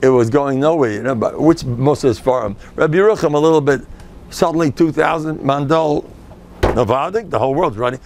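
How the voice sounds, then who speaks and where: A man's voice: medium pitch, vocal fry, slight background noise. An older man, a rabbi giving a lecture to a live audience, who jokes and tells stories and acts out the people in them. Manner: joking, storytelling, acts out quoted people.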